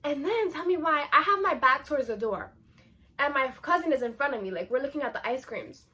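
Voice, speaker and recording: A young woman chats through a storytime vlog, her voice high and clear. She talks casually and animatedly, stacking up "like" as she goes. Her tone stays bright and forward. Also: a little fast. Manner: chatty, animated, filler-heavy with lots of "like". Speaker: vlogger.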